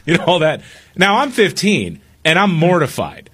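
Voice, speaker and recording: A man co-hosting a podcast, telling stories in a casual, animated way and laughing as he talks. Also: a little high, normal speed. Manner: animated storyteller, laughs while talking. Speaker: podcast co-host. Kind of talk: casual chat and storytelling.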